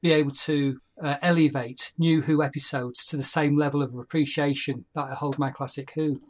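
A man chatting as a podcast guest, halting and repeating words, with a jokey streak. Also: a little high, fairly even intonation. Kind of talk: casual chat.

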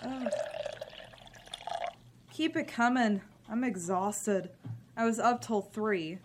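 An actress playing a bitter, cynical grown daughter who talks with sarcastic scorn. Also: female voice, a little high, takes it slowly, slight background noise. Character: bitter cynical adult daughter living at home. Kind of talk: drama scene.

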